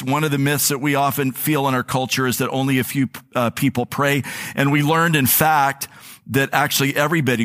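A male pastor in a sermon who moves from homey stories to earnest conviction. His voice is bright and forceful. His pitch sits in the middle for a man. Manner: earnest, storytelling, anecdotal. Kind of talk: conversational sermon.

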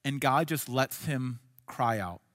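A male pastor preaching a sermon in an earnest way, dropping to soft, hushed lines and then rising to emphatic ones. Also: medium pitch, animated, takes it slowly, big-room sound.

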